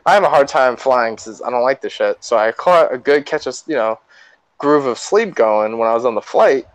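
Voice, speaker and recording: A man's voice: mid-range voice, lively intonation, moderate pace, dry recording, low-quality recording. A young man co-hosting a podcast, easygoing and slangy, laughing often as he talks. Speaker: podcast co-host. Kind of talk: casual chat.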